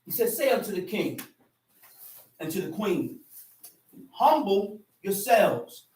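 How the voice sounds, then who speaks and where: Slow, echoey preaching man. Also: sits high, big pitch swings, darkish tone. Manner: emphatic and repetitive, reads scripture then restates it in street slang. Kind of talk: sermon, scripture reading and commentary. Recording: echoey room, far from the mic.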